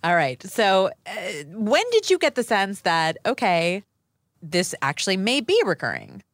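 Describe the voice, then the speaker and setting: A woman's voice: medium pitch, wildly swooping pitch, unhurried, no echo, studio quality. A woman co-hosting a talk show, chatty and enthusiastic like a longtime fan. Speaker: show co-host.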